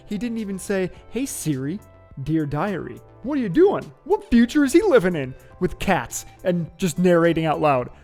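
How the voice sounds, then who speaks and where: A man hosting his own show, chatting in a playful, joking, upbeat way. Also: sits high. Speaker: host. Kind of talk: casual vlog commentary.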